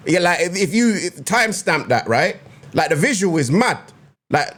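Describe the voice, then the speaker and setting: A man's voice: a little high, big pitch swings, normal speed, a bit bright. A man giving casual, slangy reaction commentary on a rap track, often repeating the lyrics back. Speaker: music reaction host. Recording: music playing behind. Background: rap track playing.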